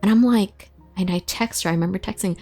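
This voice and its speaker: A woman's voice: medium pitch, fast talker, darkish tone, soft background music. A woman vlogger telling a personal story in a casual, emotional way, full of fillers and swearing.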